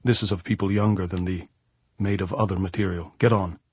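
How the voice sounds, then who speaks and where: A man reading the lines of a blunt, earthy middle-aged guerrilla woman in an audiobook, speaking frankly and gravely. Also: low-pitched, steady tone, fairly quick, darkish tone, no room sound.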